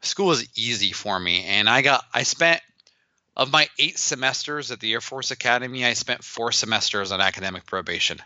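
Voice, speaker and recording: Lively storytelling man, bright voice. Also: medium pitch, fairly quick, dry recording, dull audio. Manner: animated, acts out quoted dialogue. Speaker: guest, business founder. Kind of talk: storytelling in a podcast interview.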